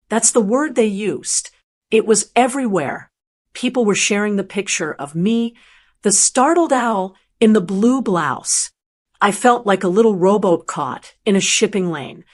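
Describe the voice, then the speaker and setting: A woman narrates a scripted first-person story in a gentle, earnest way. Her voice sits at a medium pitch.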